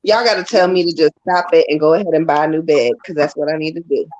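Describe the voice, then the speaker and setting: A woman's voice: low voice, fast talker, a little mellow, highs cut off. A woman chatting on a casual live stream, joking and backing up the others. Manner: chatty, joking, agreeing aloud. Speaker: tarot reader and co-host.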